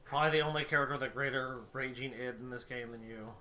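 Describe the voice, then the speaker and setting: A man's voice: mid-range voice, steady tone, fast, a crowd in the background. A man co-hosting a game stream, crude, joking and chatty. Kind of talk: casual game-stream chat.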